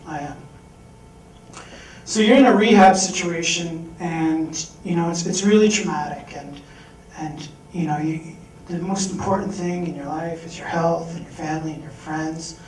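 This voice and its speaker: A young man tells a personal story on stage, earnest and animated, his fairly high voice swelling with feeling. The sound is roomy and echoes, as if the mic sits some way off in a hall. A faint noise runs underneath. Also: far from the mic. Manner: earnest, animated storytelling with strong rises in volume. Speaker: speaker at a fundraising event. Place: event hall.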